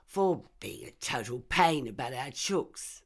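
A woman voicing a warm, fussing middle-aged mother in a story reading, high and bright. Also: expressive, slow, breathy edge, heavily acted. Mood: doting.

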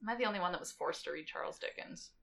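A woman's voice: lowish voice, lively intonation, very fast, creaky, crowd noise. A woman co-hosting a podcast in casual chat, playful and swearing, with frequent giggles. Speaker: podcast co-host.

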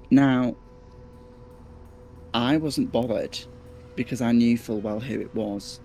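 A man with a Liverpool accent, a podcast guest telling a story in a casual, animated way, repeating words and swearing now and then. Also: mid-range voice, slow, pauses often, soft background music. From Liverpool, England.

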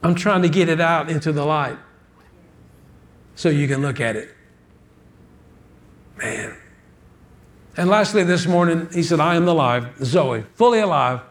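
High-voiced folksy preacher. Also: male voice, animated, a little slow, long pauses. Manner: folksy storytelling preacher, repeats words. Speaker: pastor. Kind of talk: sermon.

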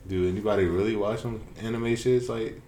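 A man's voice: on the low side, fairly even intonation, brisk, mellow, slight background noise. A young man in casual chat, blunt and joking, with heavy slang. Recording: echoey room.

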